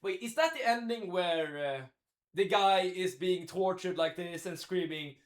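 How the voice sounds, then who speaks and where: A man's voice: sits high, measured pace. Chatty man cooking on a livestream. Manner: chatty, thinks aloud, answers chat. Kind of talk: casual live commentary while cooking. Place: home kitchen.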